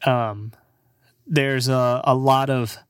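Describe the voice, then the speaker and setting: A young man in his twenties talking in an unhurried, drawn-out way, a comedian rambling in a loose, profane monologue that often breaks into laughter. His voice sits at an ordinary middle pitch and sounds close and dry, with no room around it. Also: fairly even intonation, clean tone, no room sound.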